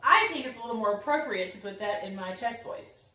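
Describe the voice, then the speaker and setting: Young woman teaching singing, upbeat, kinda high voice, roomy sound. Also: lively intonation, a little fast. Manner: upbeat and explanatory, friendly teaching tone. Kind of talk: singing lesson demonstration. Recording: roomy echo, somewhat far from the mic.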